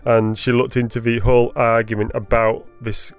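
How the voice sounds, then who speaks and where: A man's voice: medium pitch, level tone, moderate pace, smooth. A man chatting casually about video games, rambling and correcting himself as he goes. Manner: rambling, self-correcting, laughs often.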